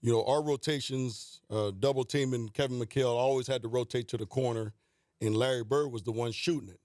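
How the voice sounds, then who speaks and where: A man in his fifties sits in a radio studio as a guest and tells lively anecdotes, quoting people along the way. The studio mic gives his middle-pitched voice a close, dry sound. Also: a little fast, no room sound. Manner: animated anecdotes, quoting players, laughing. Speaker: guest, former basketball coach. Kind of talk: storytelling in a radio interview.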